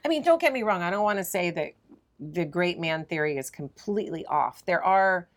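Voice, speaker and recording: A woman's voice: fairly low pitch, expressive, moderate pace. A woman co-hosting a podcast, explaining history ideas in a thoughtful, expansive way. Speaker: podcast co-host. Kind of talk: casual conversation on ancient history.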